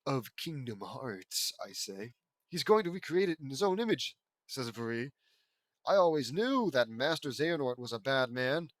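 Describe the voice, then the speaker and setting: With a fairly high-pitched voice on a dry recording, a man reads a piece of fan fiction aloud. He ridicules it in wry asides between lines and raises his voice whenever he quotes the characters.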